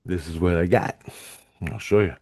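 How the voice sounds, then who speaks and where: Low-voiced, profane rambling man. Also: steady tone, moderate pace, gravelly, warm tone, husky, dry recording, studio quality. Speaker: vlogger recounting spiritual visions. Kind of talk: casual storytelling to camera.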